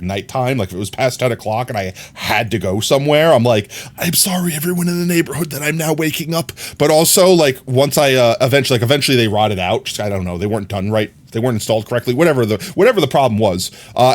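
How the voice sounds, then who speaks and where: A man streaming a game, chatting casually and telling a long rambling story with many fillers. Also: mid-range voice. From New York. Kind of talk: casual chat while gaming.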